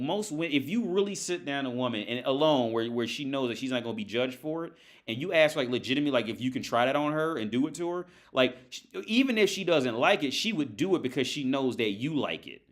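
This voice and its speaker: Male streamer, mid-pitched voice, casual crude rambler at home. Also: a bit bright. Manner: rambling, crude, full of "like" and restarts. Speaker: livestream host. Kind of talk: casual livestream rant. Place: at home by his TV.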